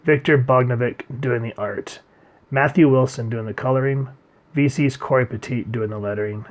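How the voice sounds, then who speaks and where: A man reviewing a comic book in casual chat, rambling and trailing off quietly at the ends of his sentences. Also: fairly even intonation, normal speed. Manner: rambling, trails off quietly at line ends, reads quotes in a low murmur.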